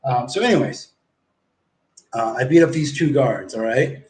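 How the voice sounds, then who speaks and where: Man, mid-pitch, rambling foul-mouthed livestream storyteller, roomy echo. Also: moderate pace, a little mellow. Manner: rambling, profane, acts out quoted exchanges. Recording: echoey room.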